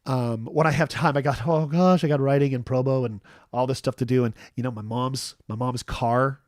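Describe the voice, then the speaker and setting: A man's voice: medium pitch, no echo, clean studio sound. A man about to turn fifty hosts a casual live-stream chat alone, rambling and self-deprecating, with many restarts and fillers. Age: 40s. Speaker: host.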